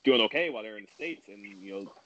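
Fast-talking man rambling through a story. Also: on the low side, expressive, pushed and bright, muffled recording, slight background noise. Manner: fast, filler-heavy and rambling with many "like"s. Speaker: wrestler guest. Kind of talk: casual storytelling.

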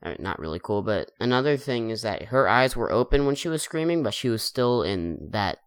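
A man's voice: mid-range voice, lively intonation, fairly quick, smooth, no room sound, clean studio sound. A man co-hosting a podcast in casual chat, joking and playful, dropping gamer slang. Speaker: podcast co-host.

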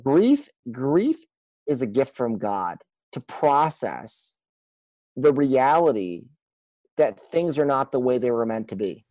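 A man's voice: medium pitch, sing-song, takes it slowly, warm tone, dry recording, rough recording. A man talking as a pastor in an earnest conversation, often repeating words and acting out what people said. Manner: earnest, repeats words, acts out quoted speech. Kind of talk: conversational podcast talk.

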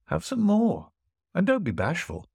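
A man's voice: wildly swooping pitch, a little slow, vocal fry, a little mellow, breathy edge, dry recording, full character voice. A boastful, teasing rich host, put on by a man in a raised, swooping voice that keeps pressing dish after dish. The sound is close and dry, with no room around it. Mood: pressing, showy. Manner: high, insistent, grandly pressing food on a guest. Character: boastful wealthy male host, teasing and showy. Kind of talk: storytelling voice acting.

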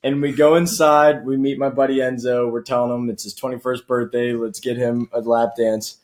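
A young adult man in casual chat, telling a crude story in a rambling, animated way. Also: medium pitch, moderate pace.

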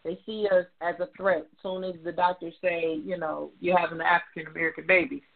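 A woman's voice: on the low side, flat delivery, brisk, creaky. A woman, a mother and guest on a casual podcast, speaking earnestly and heartfelt in short repeated phrases. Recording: tinny phone-line sound.

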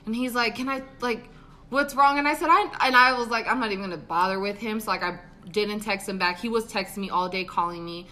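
A woman's voice: medium pitch, a little fast. A woman in her twenties on a podcast, telling a dating story casually, acting out quotes with lots of swearing and laughter. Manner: animated, swearing, acts out quotes, laughs often. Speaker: podcast co-host.

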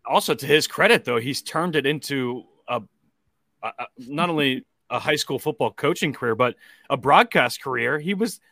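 A man's voice: mid-range voice, expressive, normal speed, gravelly, pushed and bright, no room sound, studio quality. A man co-hosting a casual sports podcast, making wry, joking asides. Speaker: podcast co-host.

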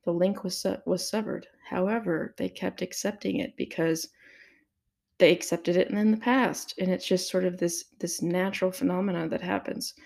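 A crypto commentator with a fairly low, darkish voice and vocal fry gives a casual solo commentary. She thinks aloud with fillers and restarts, asking herself rhetorical questions.

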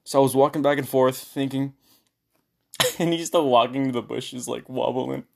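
A man's voice: medium pitch, normal speed, vocal fry. Young man telling a story with energy. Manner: animated, laughing, acts out quoted lines in a raised voice. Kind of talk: casual storytelling chat.

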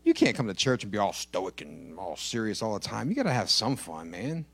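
A pastor preaching a sermon in church, joking with the congregation and repeating key phrases for emphasis. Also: male voice, on the low side, big pitch swings, brisk, creaky, breathy edge.

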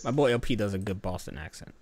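A man hosting a casual chat, laughing easily and trailing off quietly at the ends of thoughts. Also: fairly low pitch, expressive, fast talker.

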